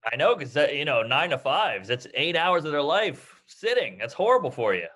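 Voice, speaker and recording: A man with a slightly raised pitch riffs through loose, crude comic banter as he hosts a boozy casual chat. He sounds like he's in his thirties, tossing off jokes with easy laughter. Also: very animated, moderate pace, fairly bright tone. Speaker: podcast host. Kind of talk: casual chat over drinks.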